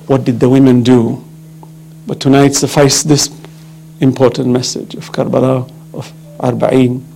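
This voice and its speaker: A man's voice: mid-range voice, gravelly, warm tone, poor audio. A man giving an impassioned religious lecture, telling a story with fervent, rising emphasis. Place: mosque or religious center hall.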